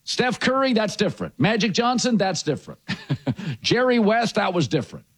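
A man's voice: sits high, big pitch swings, moderate pace, slightly rough. A man hosting a sports talk show, giving blunt, emphatic opinions in punchy phrases.

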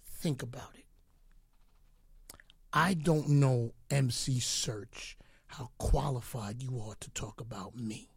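A man's voice: medium pitch, slow pace, vocal fry, pauses often, slightly rough, no room sound. A middle-aged man delivering a boastful, taunting rant aimed at rivals, mock-pleading with them to leave him alone. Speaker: radio DJ. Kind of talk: ranting commentary.

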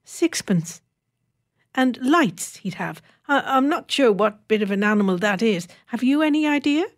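A woman's voice: a little high, lively intonation, measured pace, voice pushed up. A woman voicing a chatty, practical older housewife who rambles homely memories.

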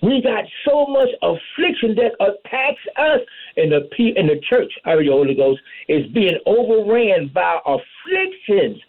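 A man delivers a fervent sermon in a high, husky voice, punctuating his points with amen and hallelujah. The sound is tinny and narrow, like a phone-line radio broadcast. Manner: call-and-response preaching, repeats amen and hallelujah. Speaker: preacher.

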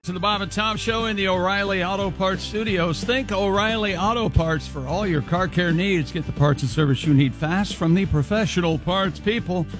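Teasing male co-host with a slightly high voice, faint music under him. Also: moderate pace, few pauses, fairly bright tone. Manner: teasing, introduces the cast. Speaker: radio show co-host. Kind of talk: morning radio banter.

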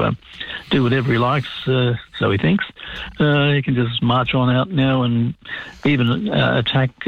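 A man giving blunt political opinions in halting casual talk, full of fillers. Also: mid-range voice, gravelly, slightly rough. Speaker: caller or guest commentator. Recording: tinny phone line.

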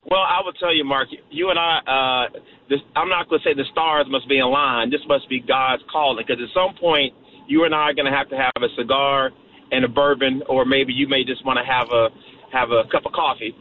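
A man calling in to a talk show, chatting about politics in a folksy, emphatic way with quick asides. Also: medium pitch, fairly even intonation, slight background noise. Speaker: caller. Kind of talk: political call-in chat. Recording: tinny phone line.

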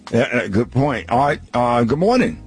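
A deep-voiced man hosts a morning call-in radio show. He talks loosely and easygoing, with plenty of uh's and restarts between thoughts, and faint music plays underneath. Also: sing-song, moderate pace. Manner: easygoing, fillers and repeated restarts. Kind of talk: casual call-in radio chat.

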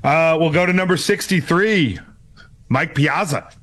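A man from Connecticut, a regular on a sports radio show, telling stories loudly and excitedly. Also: fairly high pitch, a little slow, soft background music. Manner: loud, excitable storyteller. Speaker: radio show regular, youth baseball coach. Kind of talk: casual sports radio banter. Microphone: remote microphone.

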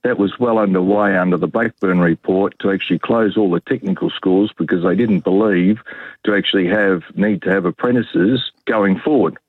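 Deep husky Australian male caller on phone. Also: normal speed, no echo, narrow, tinny audio. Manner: firm, correcting the record.

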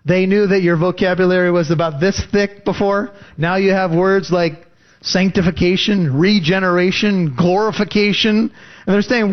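A man preaching a sermon, reading scripture and explaining it with lively emphasis. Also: normal speed. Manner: animated, rising pitch for emphasis. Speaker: pastor. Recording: dull lo-fi recording.

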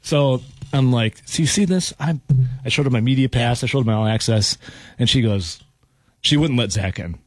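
A man's voice: mid-range voice, normal speed, dry recording. A man, hosting a radio show and telling a story in casual chat, laughing as he goes.

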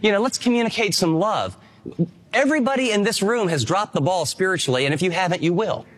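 A man's voice: sits high, lively intonation, fast talker. A pastor preaching a sermon in an earnest, emphatic way, mixing Bible reading with conversational asides to his congregation. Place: church sanctuary.

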